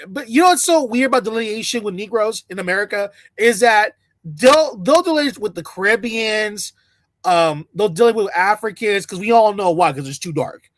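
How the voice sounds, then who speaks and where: A man's voice: sits high, fairly bright tone, no room sound. Guy ranting on a stream, sarcastic and mocking, keeps doing little parody voices, dry close mic. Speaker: commentary streamer. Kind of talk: casual reaction commentary.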